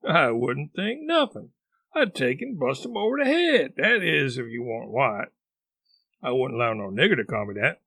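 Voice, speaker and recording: A man's voice: mid-range voice, very animated, normal speed, creaky, fairly bright tone, no echo, exaggerated voice. A man voicing a stubborn, folksy grown man who argues insistently in rustic dialect. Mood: indignant.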